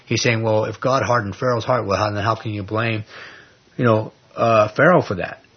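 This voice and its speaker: A man teaching an informal Bible study, retelling scripture in a conversational, animated way with plenty of fillers. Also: fairly low pitch, normal speed, husky. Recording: dull lo-fi recording.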